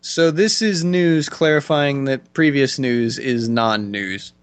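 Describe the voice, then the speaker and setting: A man's voice: mid-range voice, takes it slowly, clean tone. A man co-hosting a casual podcast, teasing his co-hosts with wry banter. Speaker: podcast co-host.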